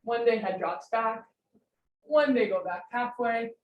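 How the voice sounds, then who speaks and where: A woman instructing a live yoga class from home, giving calm posture cues with chatty, encouraging asides. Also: on the high side, a little slow, muffled recording, a little hiss or hum. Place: home room. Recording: roomy home recording.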